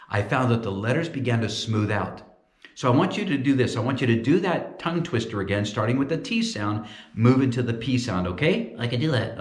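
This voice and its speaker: Playful man in an echoey church. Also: mid-range voice. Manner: playful, lively storytelling. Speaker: ventriloquist. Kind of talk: comic demonstration talk.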